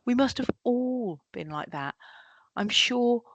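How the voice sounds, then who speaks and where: A woman's voice: a little high, slow, breathy edge, no room sound, lo-fi sound. A woman giving a leadership workshop talk, often acting out what colleagues say. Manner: lively, acts out quoted colleagues. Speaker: workshop trainer.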